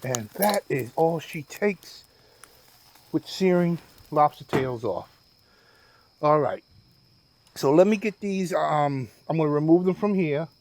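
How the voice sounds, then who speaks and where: A man, hosting a casual cooking vlog in a relaxed, chatty way and talking while he eats. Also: a little high, slow pace, pauses often, a little hiss or hum. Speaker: cooking channel host.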